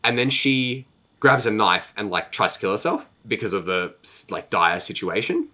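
Low, bright-voiced man rambling through a recap. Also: lively intonation, normal speed. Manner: rambling, profane book recap full of fillers; breaks into mock voices for characters. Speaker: podcast co-host. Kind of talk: casual podcast chat.

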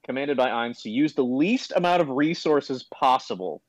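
A man's voice: medium pitch, expressive, moderate pace, dry recording, dull audio. A man hosting a review podcast, recapping an episode in casual chat, rambling with plenty of "um" and "like". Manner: rambling, full of "um" and "like".

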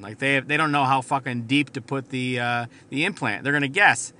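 A man's voice: medium pitch, a little fast. A man, telling a heated, profane solo story as a podcast host, jumping from point to point. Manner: profane, heated, jumps around; animated, swings between quiet asides and loud outbursts.

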